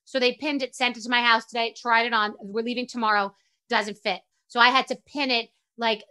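A woman podcast host telling stories in a rambling, animated, self-deprecating way and swearing freely. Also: a little high. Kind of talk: casual storytelling monologue.

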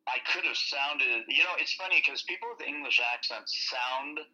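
A man speaking as a podcast guest in a loose, rambling way, full of fillers. His voice is sharp and bright, and the line is muffled and lo-fi. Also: medium pitch, moderate pace. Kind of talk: casual interview chat.

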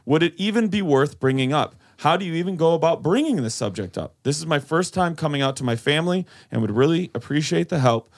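A man's voice: fairly high pitch, animated, quick pace, hardly any pauses. A man co-hosting a comedy podcast, reading out a listener's letter and stopping to add asides. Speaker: podcast co-host.

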